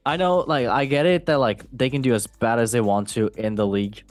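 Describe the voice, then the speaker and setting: A man's voice: mid-range voice, fairly quick, no echo, faint music behind. A man hosting a casual football podcast, reading news in a chatty, jokey way and tripping over words now and then. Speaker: host.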